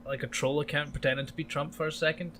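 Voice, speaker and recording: A man's voice: fairly high pitch, level tone, rapid-fire, crowd noise. A man co-hosting a casual podcast, giggly, sarcastic and sweary. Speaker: podcast co-host.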